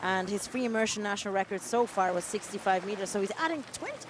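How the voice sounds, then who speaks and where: A woman's voice: medium pitch, lively intonation, fast talker, crowd noise. A woman commentating a livestream in a chatty, encouraging way, reading out names from the chat. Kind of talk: live sports commentary, chatty. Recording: noisy boat deck ambience.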